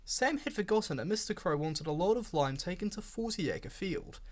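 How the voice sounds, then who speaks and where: A man's voice: sits high, lively intonation, moderate pace. A man reading a children's railway storybook aloud, giving the characters voices. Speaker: storybook reader.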